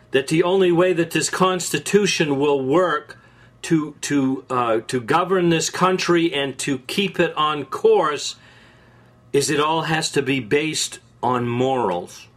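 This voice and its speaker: An angry man rants as the host of an opinion show, his voice sitting high for a man. He talks in sarcastic bursts, stumbling and restarting as his anger builds. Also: a bit bright. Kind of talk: political opinion monologue.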